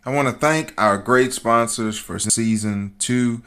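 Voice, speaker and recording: A man hosting a podcast, speaking. He hammers his points home with preacher-like repetition, then eases into a relaxed, chatty tone. His voice sits at an ordinary middle pitch. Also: a little slow, few pauses, clear, resonant tone. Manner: fired up and emphatic, preacher-like repetition; calm and conversational in sponsor reads. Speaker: podcast host. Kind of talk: opinionated podcast commentary.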